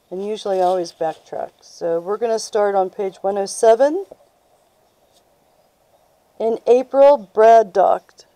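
A woman reads aloud from a history book at a very unhurried pace. Her tone is deep, dark and mellow. The recording is dry and close, with no room sound. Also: dry recording, rough recording. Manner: unhurried, plain reading voice. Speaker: reader of books aloud.

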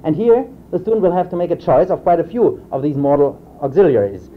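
Guy professor giving a lecture, slightly high voice, lots of uh's and restarts, old tinny reel tape. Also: big pitch swings, a little fast. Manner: hesitant, with frequent "uh" fillers and restarts; reads example drill sentences aloud in a raised voice. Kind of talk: academic lecture. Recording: tinny lo-fi 1960s reel-to-reel tape with faint hiss.

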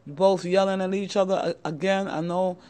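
A woman's voice: mid-range voice, steady tone, moderate pace, dark tone. A middle-aged woman who hosts a channel, giving young men earnest, repetitive advice straight to the camera and often calling her listeners "guys". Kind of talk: motivational talk to camera.

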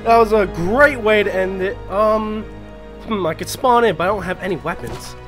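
A man giving live gameplay commentary, excitable and profane, talking to himself as he plays. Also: high-pitched, moderate pace, soft background music. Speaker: gaming streamer.

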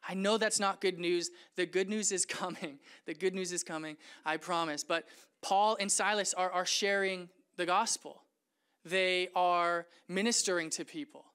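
A male pastor preaching with lively, playful energy, acting out scenes and joking with the room. His voice is smooth and resonant, and his delivery is animated throughout. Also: high-pitched. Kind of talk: sermon.

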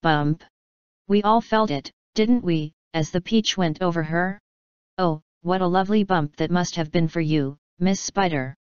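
Boisterous pest of a centipede, voiced by a woman narrator; gleeful, clean low tone. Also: measured pace, clear, resonant tone, no echo, close to an everyday voice. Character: boastful, gleeful centipede who loves being a pest. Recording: slightly dull, dry recording.

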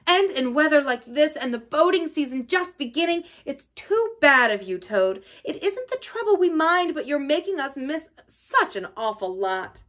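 A woman voicing a cheerful, brisk male water rat who coaxes his friend out of bed. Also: mid-range voice, lively intonation, a bit bright. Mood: hearty. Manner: brisk, hearty and coaxing.

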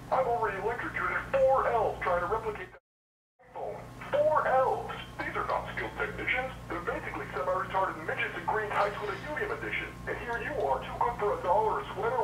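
A man voicing an old, foul-mouthed, angry Santa Claus on a recorded prank hotline. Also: high-pitched. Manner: starts jolly, turns ranting and cursing. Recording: speakerphone, roomy and far off, noisy.

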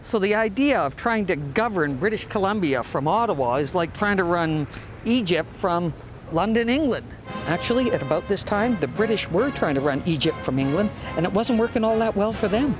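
A man's voice: high voice, expressive, normal speed, over music. A man hosting, giving wry, explanatory scripted narration. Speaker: host.

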